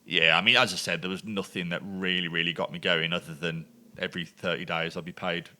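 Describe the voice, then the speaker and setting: A man's voice: low-pitched, level tone, a little fast, pushed and bright. A man with a Birmingham accent, a former lawyer telling stories as a podcast guest in a chatty, rambling way full of fillers and restarts. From Birmingham, England. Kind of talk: casual storytelling in conversation.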